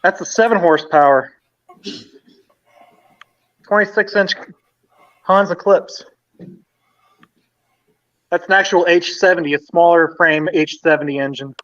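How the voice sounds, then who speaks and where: A man with a high-pitched voice walks steadily through a list of parts in a casual live-stream chat. His methodical delivery is captured dry and somewhat dull, as on a lo-fi setup, with little room sound. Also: steady tone, measured pace, long pauses, a bit bright, no echo. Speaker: host showing his small-engine collection. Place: home garage.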